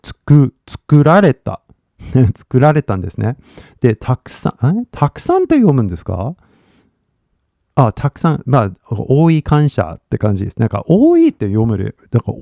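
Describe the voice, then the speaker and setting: A man's voice: mid-range voice, vocal fry, dark tone, no room sound. A man with a Californian accent giving casual livestream English coaching, blunt and rambling with swearing, on dull lo-fi stream audio.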